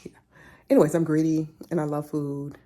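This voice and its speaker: A woman's voice: low-pitched, level tone, moderate pace, warm tone. A woman vlogger talking casually about food, sometimes dropping into a whisper. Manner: chatty, drifts into whispers. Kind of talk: casual vlog chat.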